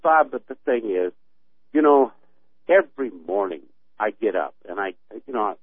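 A man's voice: fairly low pitch, expressive, normal speed, dry recording. Fired-up folksy man on a phone line. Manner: folksy, fired-up ranting with homespun stories. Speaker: radio caller. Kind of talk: talk radio call.

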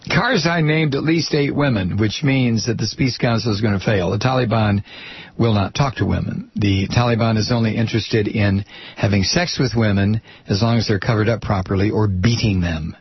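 Gravelly, husky male commentary host. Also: fairly low pitch, moderate pace, dry recording, highs cut off. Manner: blunt and sarcastic, rambling. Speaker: host of his own program. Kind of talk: political commentary monologue.

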